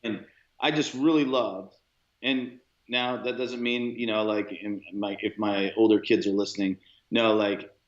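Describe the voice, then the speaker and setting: A man's voice: lowish voice, steady tone, unhurried. A man co-hosting a podcast in casual chat, rambling along with many fillers and restarts. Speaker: podcast co-host. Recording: roomy, dull lo-fi sound.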